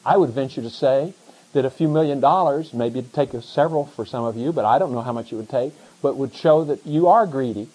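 A middle-aged man preaching a sermon as pastor, animated, pushing up into emphatic questions. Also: mid-range voice, a little fast, slightly rough, low-quality recording.

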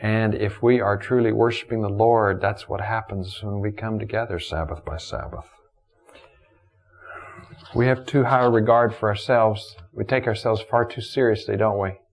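A man preaching a sermon, repeating phrases for emphasis and moving between soaring exclamations and hushed, low reflection. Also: steady tone, moderate pace. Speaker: pastor.

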